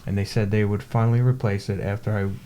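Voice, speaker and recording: A man's voice: fairly low pitch, level tone, fairly quick, warm tone, a little hiss or hum. A man co-hosting a podcast, telling a story in casual chat, acting out the people he quotes and swearing now and then. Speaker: podcast co-host.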